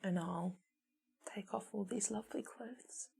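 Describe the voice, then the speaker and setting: A woman playing a tabletop game, soft-spoken and often half-whispering. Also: medium pitch, a little slow, creaky, breathy edge. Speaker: player. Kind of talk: tabletop role-play.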